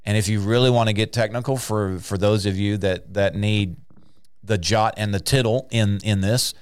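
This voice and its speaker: Earnest preaching man, smooth dry voice. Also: on the low side, steady tone, normal speed, dry recording. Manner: earnest exhortation with repeated phrases. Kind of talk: sermon.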